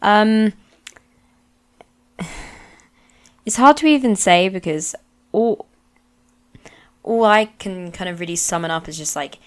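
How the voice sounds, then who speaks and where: A woman's voice: mid-range voice, slow pace, long pauses, clear, resonant tone. A woman guest on a political podcast, sarcastic and rambling with lots of fillers. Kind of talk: casual political chat.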